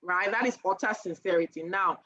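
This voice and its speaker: A woman teaching persuasion on a casual live stream, animated and laughing often as she acts out sales lines. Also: fairly low pitch, brisk, muffled recording.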